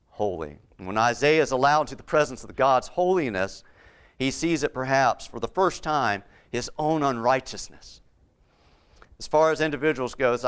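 A man's voice: medium pitch, a bit bright, smooth. A man preaching a Bible-teaching sermon, repeating key words for emphasis and putting questions to his listeners.

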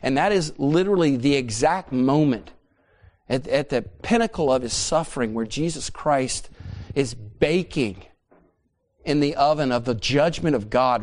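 A man preaching a sermon in a church, swinging from loud, emphatic peaks down to quiet, hushed asides. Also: mid-range voice.

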